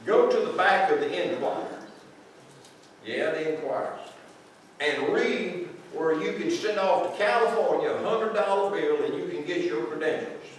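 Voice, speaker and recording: A man's voice: on the high side, expressive, moderate pace, recorded from a distance. A man preaching a conversational, folksy sermon and asking his congregation questions. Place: large echoey church sanctuary. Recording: very echoey church recording from afar, faint noise.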